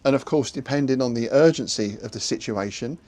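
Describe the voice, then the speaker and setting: A man, mid-pitched, talking through tips for running tabletop games in a relaxed, unscripted way. He chuckles often and trips into small restarts, like someone thinking aloud to a friend. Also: a little fast. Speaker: podcast host giving game master advice. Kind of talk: relaxed advice talk.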